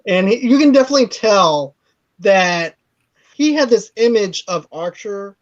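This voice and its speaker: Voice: medium pitch, a little slow. Co-host with a dull, lo-fi sound. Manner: laughing, animated scene retelling. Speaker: podcast co-host. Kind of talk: casual movie review chat. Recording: slightly dull lo-fi audio.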